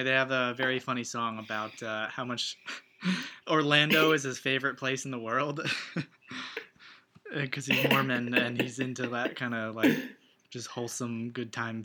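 A deadpan man co-hosting a comedy podcast, his voice very bright and sharp. He delivers absurd ideas in a dry, matter-of-fact way during casual chat. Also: mid-range voice, normal speed, a little hiss or hum. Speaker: podcast co-host.

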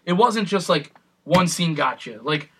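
Young man, casual chat, high lively voice, bright tone, profane animated storytelling. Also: unhurried, slight background noise.

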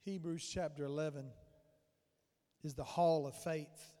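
A man preaching a rhythmic, repetitive sermon as pastor, building to fervent, loud delivery. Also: on the high side, steady tone, unhurried, big-room sound. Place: church sanctuary. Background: loud music.

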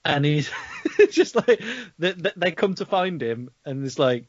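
A man's voice: fairly high pitch, animated, unhurried, no room sound, lo-fi sound. Sweary Black Country man ranting about films. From Black Country, England. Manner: sweary, ranting, laughing often. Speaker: podcast co-host. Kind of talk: casual film review chat.

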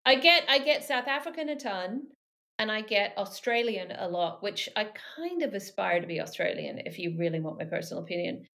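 A woman's voice: mid-range voice, brisk, vocal fry, sharp tone. A woman with an accent blending British and Texan, talking animatedly as a podcast guest. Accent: mixed British and Texan. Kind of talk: casual conversation.

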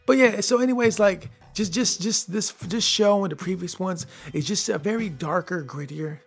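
A man's voice: high voice, normal speed, creaky, hardly any pauses, husky, soft background music. A man hosting his own podcast, talking casually and rambling through an episode review with frequent restarts. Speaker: podcast host.

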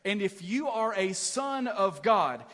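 Man, middle-aged pastor, sermon, high voice, long reverb, animated storytelling. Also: slow pace. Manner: storytelling, animated and self-deprecating, with frequent "right?" asides. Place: large church auditorium.

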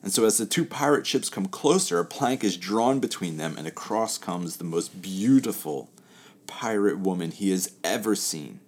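A man hosting a casual talk who tells a spoken parable in a relaxed, chatty way, letting his phrases trail off softly. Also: sits low, normal speed.

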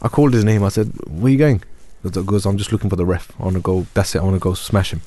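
A man's voice: low voice, fast, warm tone. A young man, an imam on a discussion panel, speaking earnestly and retelling scenes in quoted dialogue. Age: young adult. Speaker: imam and youth worker.

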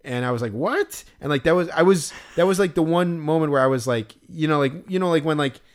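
A man's voice: fairly high pitch, quick pace, clear, resonant tone. A man co-hosting a podcast, chatting casually and rambling, with lots of "like" and fillers, acting out what people said. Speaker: podcast co-host recapping a show. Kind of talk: casual chat.

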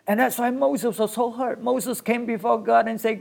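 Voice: medium pitch, steady tone, normal speed, creaky, few pauses. A preacher delivering a sermon in short, emphatic bursts, often repeating key phrases.

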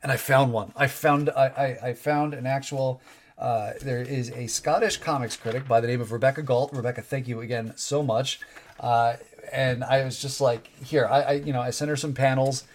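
A man's voice: mid-range voice, steady tone, moderate pace, a little hiss or hum. Rambling, wry man on a podcast. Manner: rambling, wry, self-interrupting. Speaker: podcast co-host. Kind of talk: casual chat.

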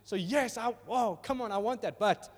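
Man, pastor, high voice, animated sermon, conversational, long hall reverb. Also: moderate pace. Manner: animated and conversational, acting out little voices, asks "are you with me?". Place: church hall.

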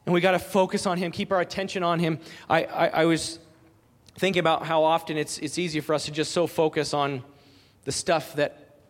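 Pastor, male, thirties, high voice, earnest emphatic sermon delivery, long hall reverb. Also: flat delivery, brisk. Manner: earnest, emphatic preaching with repeated phrases.

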